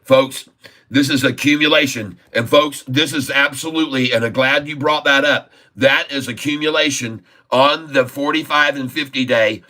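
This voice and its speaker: A man with a medium-pitched, bright, forceful voice speaks at a moderate pace with fairly even intonation as he hosts a stock trading stream. In casual market commentary, he pushes his points hard, repeats them, and keeps turning to "folks."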